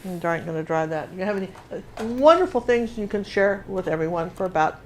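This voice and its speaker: An older woman leads a live acrylic painting class, talking casually as she works and often starting over mid-sentence. Her medium-pitched voice is animated and a little fast, with a slight hiss or hum in the recording.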